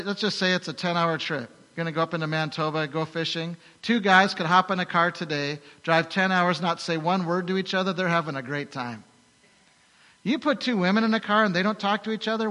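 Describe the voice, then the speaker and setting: A male pastor preaching a sermon, telling stories with rhetorical questions and lively asides. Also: high-pitched, in a large hall, poor audio.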